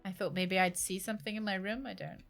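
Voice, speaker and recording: A young woman chats and jokes while streaming a game from home. Her voice is bright and lively, and she laughs often. Faint music plays in the background. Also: mid-range voice, fast talker, vocal fry. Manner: chatty, joking, laughs often. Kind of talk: casual chat while gaming. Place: home room.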